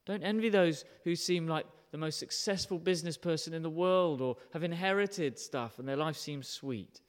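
A man preaching an animated, emphatic sermon, often putting questions to his listeners. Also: fairly high pitch, normal speed, clear, resonant tone, long reverb tail. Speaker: pastor.

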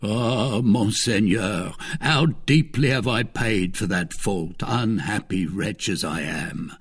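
A man voicing a timid, trembling male innkeeper in a storybook reading, speaking slowly and pleadingly. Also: fairly low pitch, slightly rough, full character voice. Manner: slow, pleading, deferential.

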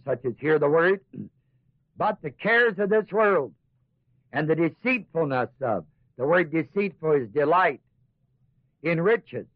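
A man's voice: a little high, no echo. A man teaching a Bible class in sermon style, acting out the voices of doubters in asides and then pressing his points with rising emphasis. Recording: tinny lo-fi old tape, dry.

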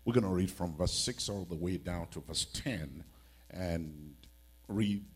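A man's voice: low-pitched, measured pace, slightly rough. A man preaching a church sermon as a bishop, pleading and emphatic, with many rhetorical questions.

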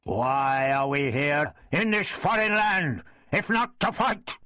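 A man voicing a fierce, hot-headed crusader earl who talks in a loud, scornful, emphatic way. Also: a little high, lively intonation, slow pace, no room sound, clean studio sound, pitched above the performer's own voice, heavily acted. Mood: shouting angrily.

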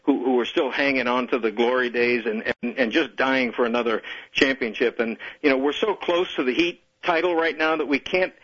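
A man talking as a guest on a sports radio show, halting with many restarts. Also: mid-range voice, fairly bright tone. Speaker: guest caller. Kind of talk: casual sports radio talk. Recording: dull lo-fi radio sound.

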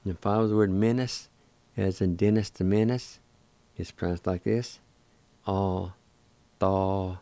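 A man with a Cherokee accent hosting a radio language lesson, slowly spelling words out letter by letter and pronouncing each syllable. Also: fairly low pitch, warm tone, dry recording. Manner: slow, deliberate, spelling letter by letter. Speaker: radio language program host. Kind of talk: slow spelled-out pronunciation lesson.

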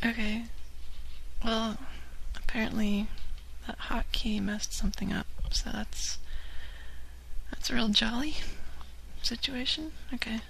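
A woman's voice: on the high side, fairly even intonation, slow, gravelly, pauses often, fairly bright tone, a little hiss or hum, rough recording. A woman co-hosting a prank call podcast who runs the show in easygoing, casual banter.

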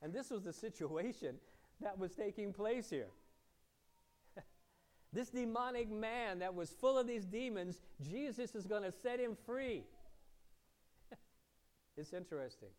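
A man preaching a sermon as pastor, asking the congregation questions, moving between loud emphasis and quiet, low asides. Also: expressive, a little slow, pauses often.

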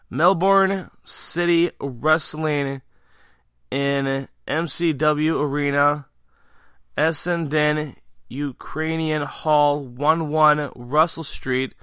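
A man's voice: mid-range voice, bright, forceful tone, clean tone, no room sound, studio quality. A man hosting a wrestling podcast, chatting eagerly and reading out event listings in a rambling, enthusiastic way. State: out of breath. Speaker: podcast host. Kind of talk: casual podcast interview and event rundown.

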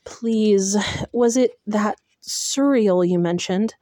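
A woman's voice: medium pitch, takes it slowly, dark tone, dry recording, studio quality, close to an everyday voice. A woman voicing a frightened young huntress asking questions in an audiobook. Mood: shaken. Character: shaken young huntress heroine, frightened but curious.

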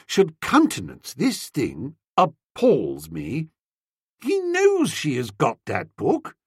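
Lively, husky audiobook narration. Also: medium pitch, dry recording. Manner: dry, pompous first-person telling. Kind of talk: scripted narration of a comic novel.

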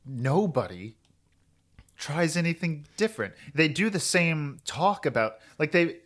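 On this podcast, a male co-host with a slightly high, slightly slow voice recaps an anime episode. His casual chat rambles, and he retells it animatedly, quoting the characters' voices.

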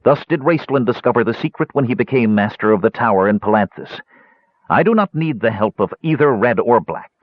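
A man reading the part of a grave old male wizard who leads a council of mages, speaking in a solemn, measured, commanding way. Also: mid-range voice, expressive, no echo, muffled recording, pitched above the performer's own voice, lightly acted. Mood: grim.

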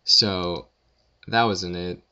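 A young man rambling through listener questions in a casual audio Q&A, with deadpan self-deprecating jokes. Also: deep voice, extremely slow, clear, resonant tone, lo-fi sound. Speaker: vlogger answering questions.

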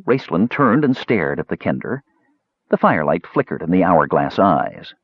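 Low male narrator, husky tone with wide lively pitch, dull lo-fi dry sound. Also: moderate pace, no room sound. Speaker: audiobook narrator. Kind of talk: storybook narration.

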